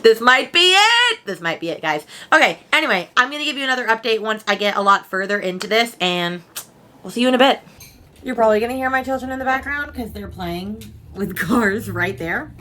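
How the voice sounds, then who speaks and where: Bright-voiced chatty woman. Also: a little high, a little fast, a little hiss or hum. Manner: chatty, rambling, slangy. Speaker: book vlogger. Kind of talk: casual vlog chat. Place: home.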